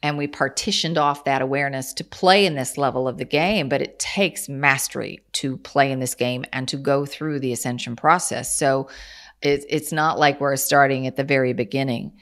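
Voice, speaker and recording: With a rumbling low, fairly bright voice and a steady tone, a Kansas-born channeler talks at moderate pace as an interview guest. The conversation is casual, and she explains her ideas earnestly, restarting a little as she speaks.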